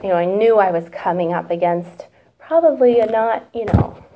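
A woman's voice: mid-range voice, normal speed, mellow, slight background noise. Woman, 30s, church testimony speaker, candid and emotional, conversational delivery. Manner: candid, chatty, emotional, fillers and asides. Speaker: church member giving a testimony. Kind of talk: personal testimony talk.

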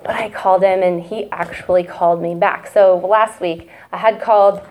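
A woman's voice: on the low side, steady tone, normal speed, a little mellow, slight background noise. Chatty, emotional woman giving a church testimony. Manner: candid, chatty, emotional, fillers and asides. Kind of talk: personal testimony talk.

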